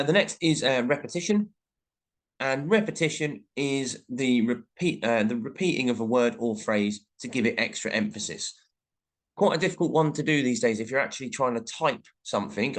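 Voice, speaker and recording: A man with an ordinary mid-range voice talks through a recorded English lesson. He explains each point steadily and reads short example sentences aloud along the way. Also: mid-range voice. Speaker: teacher.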